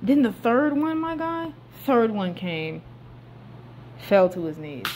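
A young woman, casually recapping a movie in slangy talk that swings between hushed asides and loud outbursts. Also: a little high, big pitch swings, takes it slowly, slight background noise.

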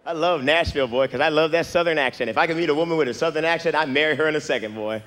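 A man's voice: a little high, racing, fairly bright tone. A man performing a stand-up comedy set, with a brash, punchy delivery and crowd work. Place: comedy club stage. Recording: live club recording with long reverb.

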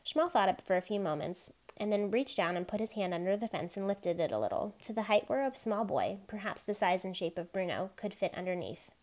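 A woman reading a novel aloud in steady, quiet narration. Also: medium pitch, fairly quick, hardly any pauses. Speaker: reader.

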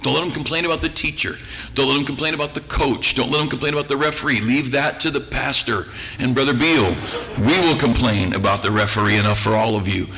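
A male pastor preaches in a church sanctuary, folksy and teasing, acting out the voices of those he quotes. His medium-pitched voice is fast, pushed and bright, and the recording is rough.

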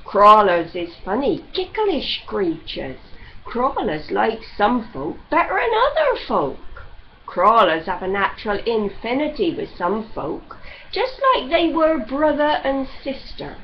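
A woman's voice: medium pitch, muffled recording, a little hiss or hum. A woman doing a grumpy sarcastic old servant. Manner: rustic dialect, sarcastic, lecturing. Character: grumpy sarcastic older man servant, bald.

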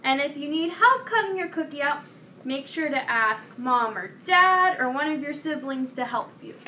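The voice is high, bright and animated: a young woman presenting for children, talking slowly and clearly as she reads a story and describes how to make a craft. The mic sits far away, leaving a faint noise underneath.

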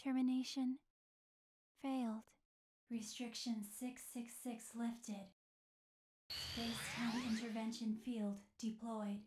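A woman voicing a cold, emotionless cyborg girl who speaks in a flat robotic monotone. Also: fairly high pitch, takes it slowly, pauses often, music in the background. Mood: clinical.

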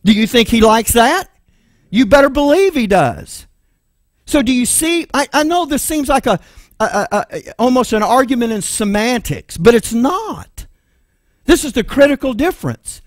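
A man's voice: very high voice, very animated, moderate pace, no room sound, studio quality. A man with a Texan accent preaching a sermon, emphatic and full of rhetorical questions. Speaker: pastor.

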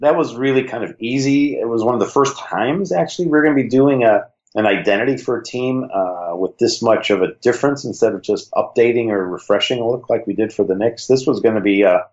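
A man in his sixties with a heavy Chicago accent, relaxed and reflective, telling stories as an interview guest. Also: medium pitch, a little fast, hardly any pauses, muffled recording. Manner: relaxed, reflective, uses fillers like "you know". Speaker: guest, former league creative director. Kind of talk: conversational interview storytelling.

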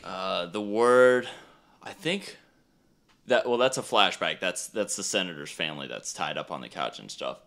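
A man's voice: low voice, animated, moderate pace, creaky, a bit bright. A man hosting a podcast, chatting casually about a movie, laughing often and acting out lines in silly voices. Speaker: podcast host. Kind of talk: casual movie review chat.

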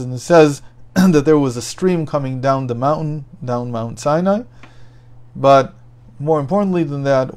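A man's voice: mid-range voice, darkish tone. A man telling a story in a daily Torah lesson, thinking aloud and restarting his phrases as he goes. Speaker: Torah teacher.

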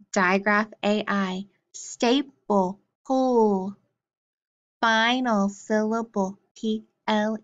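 Female phonics teacher, slow and deliberate, sounds out each syllable; muffled lo-fi recording. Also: medium pitch. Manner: sounds out words syllable by syllable, drilling letter cards.

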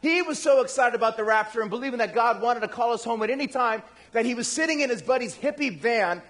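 A man with a high voice preaches to his congregation in a relaxed, conversational way. He is animated and playfully acts out the people he quotes. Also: fast talker. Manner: addresses the congregation directly. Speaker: pastor. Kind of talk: lively conversational sermon.

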